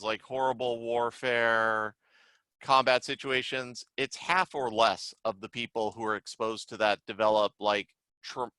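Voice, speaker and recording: A man lectures as a trainer in a loose, chatty way, scattering filler words as he explains. His voice is bright and forceful. The sound is dry, with no room echo. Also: mid-range voice, clear, resonant tone. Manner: conversational, many "like" fillers, lively retelling. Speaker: CERT trainer and psychiatrist. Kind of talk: casual online lecture.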